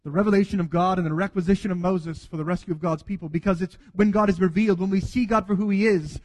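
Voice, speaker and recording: A man's voice: sits high, fairly even intonation, fast talker, darkish tone, long reverb tail. A man preaching a sermon earnestly, acting out quoted dialogue as he goes. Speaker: pastor.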